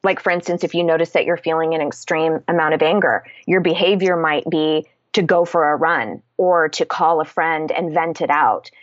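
A woman with a fairly low voice talks through her ideas in a casual conversation. She is candid and explanatory and swears freely. Her recording sounds dull and dry, close to the mic. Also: steady tone, moderate pace, hardly any pauses, dry recording.

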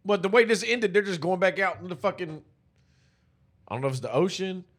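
A man in casual movie-review banter, animated and profane, joking a lot. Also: sits high, brisk, husky. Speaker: podcast co-host.

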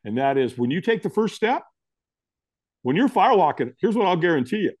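A man's voice: a little fast, no room sound, clean studio sound. A middle-aged man, a guest in an interview, telling a story and acting out what people said to him. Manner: animated, acts out quotes with big pitch jumps.

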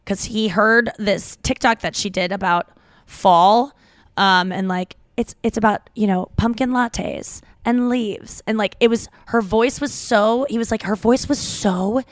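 A woman's voice: mid-range voice, steady tone, a little slow, no echo. Chatty woman podcast host, dry sound. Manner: chatty, rambling, gushing. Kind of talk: casual podcast chat.

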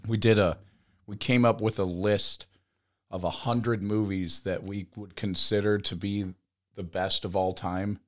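An easygoing man with a fairly low voice, chatting casually on a podcast. He tells stories about himself with a self-mocking, relaxed touch. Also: a little slow. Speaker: podcast co-host. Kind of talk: casual chat.

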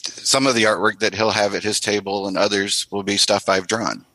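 A man's voice: fairly low pitch, normal speed, dry recording, low-quality recording. A man, a guest artist on a podcast, chatting casually and acting out quotes as he tells stories. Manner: animated storyteller, acts out quotes.

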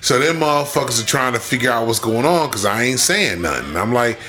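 A man on a podcast tells a long story in an easy, laid-back way, swearing freely and acting out every line of dialogue. His voice sits at a middle pitch and sounds bright and forward. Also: lively intonation, brisk. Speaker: podcast host. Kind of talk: casual storytelling chat.

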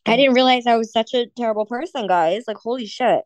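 A woman with a slightly high voice talks through her hurt in a loose, swearing, filler-filled way. She sounds shaken after crying. The sound is close and dry, with no room around it. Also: quick pace, dry recording. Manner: emotional, swearing, filler-heavy. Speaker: podcast co-host. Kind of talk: casual chat.

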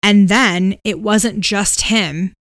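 A woman's voice: mid-range voice, takes it slowly, no echo, clean studio sound. A woman co-hosting a podcast, casually retelling a ghost story with "um"s and "like"s. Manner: relaxed retelling with fillers and hedges. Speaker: podcast co-host.

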